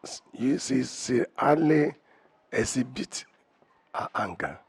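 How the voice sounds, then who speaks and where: A man in his sixties, a husband answering interview questions about his marriage in a measured way. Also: medium pitch, animated, slightly rough, no room sound. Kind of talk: interview chat.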